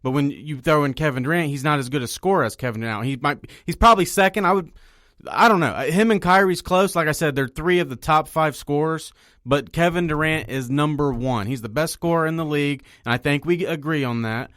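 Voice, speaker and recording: A man's voice: fairly high pitch, brisk, no echo, clean studio sound. A man co-hosting a sports podcast, arguing his points in casual debate and talking over his co-host. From Ohio. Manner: argumentative, talks over his co-host, gets loud when excited.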